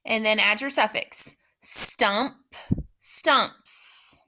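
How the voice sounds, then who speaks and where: A woman teacher giving a spelling dictation lesson, speaking slowly and repeating each word with patient care. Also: a little high, pushed and bright. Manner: slow, patient, repeats words carefully.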